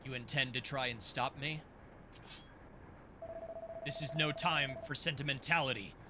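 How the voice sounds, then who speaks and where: A man voicing a stern, solemn male angelic mentor in a video game, speaking slowly and formally. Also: medium pitch, fairly even intonation, noisy background, pitched below the performer's own voice, natural voice. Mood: cold. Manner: slow, commanding, formal.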